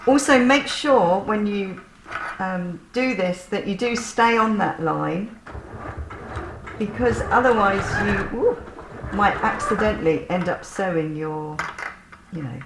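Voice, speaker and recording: A woman's voice: medium pitch, slow pace, long pauses. Woman, sewing tutorial, chatty, self-deprecating, echoey room, faint hum.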